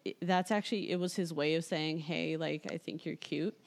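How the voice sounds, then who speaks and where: A woman's voice: low voice, steady tone, moderate pace. A young adult woman hosting a casual podcast chat, talking chattily with lots of "like". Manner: chatty, filler-heavy with frequent "like". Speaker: podcast host.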